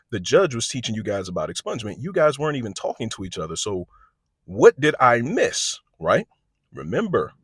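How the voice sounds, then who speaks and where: A man with a husky, slightly rough voice tells a story in a relaxed, conversational way. He keeps checking in with the listener as he goes. The recording is close and dry, with almost no room sound. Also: medium pitch, dry recording. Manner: conversational, with frequent check-ins and restarts. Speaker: storyteller recounting a work incident. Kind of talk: casual storytime monologue.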